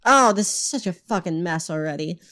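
A woman co-hosting a podcast in casual comedic chat, crude and joking, quick to laugh. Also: lowish voice, animated, fairly bright tone. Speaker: podcast co-host.

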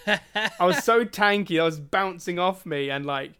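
A man talks casually on a gaming podcast. His voice sits a little high, and he tells his stories with energy. He acts out what each person said. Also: unhurried, smooth. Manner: animated storyteller, acts out quotes. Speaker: podcast co-host.

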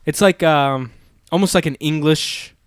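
A man's voice: on the high side, measured pace, clean tone, no echo. A man in a laid-back, rambling conversation, swearing casually, close to the mic. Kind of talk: casual chat.

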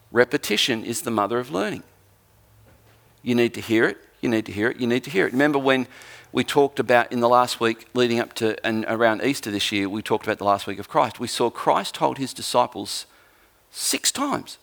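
A man's voice: medium pitch, gravelly. A man preaching a sermon in church, telling stories and acting out the people in them. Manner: animated storytelling, acts out quotes. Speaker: pastor.

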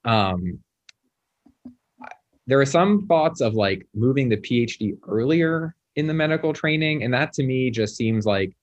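A man's voice: mid-range voice, animated, measured pace, dull audio. A man who is a postdoctoral researcher, explaining lab work in casual conversation in a wry way. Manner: explanatory, wry, many fillers.

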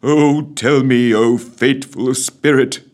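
A squeaky, nervous old miser, voiced by a male narrator. His voice jumps high and wobbles, and he stays fussily polite while trembling. He, set in a comic storybook tale. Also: very animated, normal speed, slightly rough. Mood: timid. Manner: quavering, overly polite. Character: old male miser, timid, bleary and excitable.

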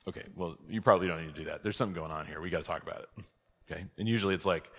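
Low-voiced male priest teaching a class, lively and questioning, in a reverberant hall. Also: racing. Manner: lively, rhetorical questions, emphatic outbursts. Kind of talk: conversational church class teaching. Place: church hall.

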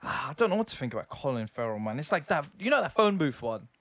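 A young man, co-hosting a casual podcast chat in an animated, slangy way. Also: medium pitch, quick pace, no room sound. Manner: animated, chatty, uses slang. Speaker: podcast co-host.

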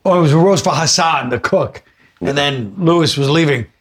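A man's voice: on the high side, moderate pace. A man, a comedian guest, in casual chat, mostly reacting with short amused remarks and a few stories. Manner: brief reactive interjections, amused.

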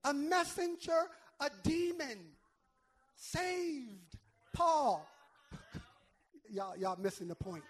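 A man's voice: extremely high pitch, animated, extremely slow, long pauses. A male pastor preaching a sermon, emphatic, repeating words and calling on the congregation to answer back.

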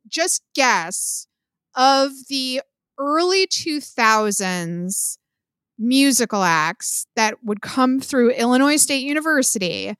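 A bright, slightly high-voiced woman in her thirties co-hosts a casual podcast from home. She is chatty and opinionated, full of "like" and "um", and her voice sounds dry and close. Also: no echo. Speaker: podcast co-host. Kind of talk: casual chat.

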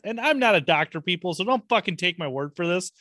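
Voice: medium pitch, animated, fast, a bit bright, no echo, clean studio sound. A conversation partner in casual chat who swears freely and jumps in with reactions and asides.

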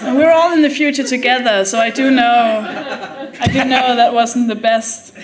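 A woman's voice: fairly high pitch, steady tone, crowd noise. A woman comedian from Denmark telling a funny story on stage, laughing often and acting out what people said. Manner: laughing often, quick asides, acts out quotes. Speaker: comedian guest. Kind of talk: comic storytelling on a live podcast. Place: theatre with a live audience. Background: audience laughter.

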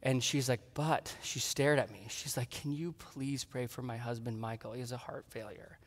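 A pastor giving a sermon, telling a story with lively acted-out dialogue. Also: male voice, mid-range voice, moderate pace, big-room sound. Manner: animated storytelling, acting out his own dialogue.

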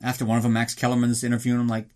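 A man hosting a podcast, recapping a film in a casual, sarcastic, profane way and slipping into quick mock voices. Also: mid-range voice, completely flat delivery, darkish tone. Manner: reads a mock ad in an upbeat announcer tone.

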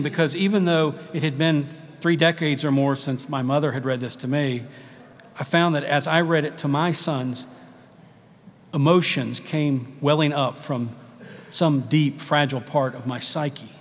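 A middle-aged male pastor preaches in a reflective, personal way, and his voice sits a little high for a man. Long reverb from the church hall carries every phrase. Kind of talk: sermon.

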